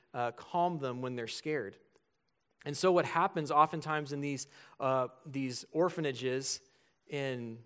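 A man in his thirties preaching a sermon as pastor, earnest and building to emphatic points. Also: mid-range voice.

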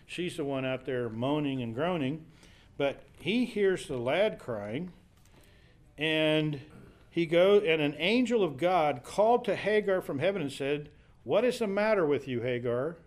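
Unhurried and expressive, this man's fairly high voice carries a Bible study lesson. He paraphrases scripture in a conversational way, thinking aloud as he goes, with fillers and false starts.

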